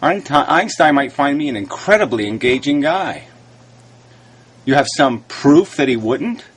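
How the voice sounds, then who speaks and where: A man's voice: medium pitch, lively intonation, measured pace, slightly rough. A man ranting into his camera, frustrated and argumentative, raising his voice and swearing as he rebuts a critic. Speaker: video blogger replying to critics. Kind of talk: argumentative video rant.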